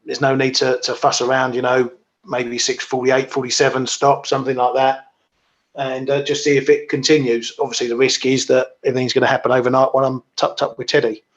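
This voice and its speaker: A man giving relaxed, self-deprecating market commentary as a guest trader, with many ums. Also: medium pitch, fairly quick. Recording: dull lo-fi webcam audio.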